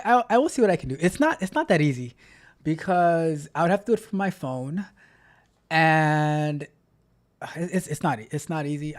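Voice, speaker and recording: A man hosting a live stream, chatting casually, reading out chat messages and repeating himself as he talks. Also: a little high. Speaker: livestream host.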